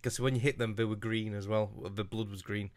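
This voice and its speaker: Low-voiced man chatting casually. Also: fairly even intonation, a little fast. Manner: chatty, laughing along. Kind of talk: casual chat.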